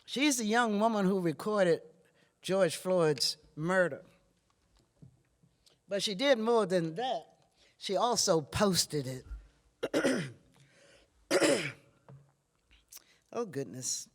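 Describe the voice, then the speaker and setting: An older woman from Virginia, a blues singer and guitarist, talking between songs in a wry, plainspoken, low-key storytelling manner with dry humor. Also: animated, extremely slow, long pauses. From Virginia, USA. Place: museum performance venue. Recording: reverberant live hall with guitar.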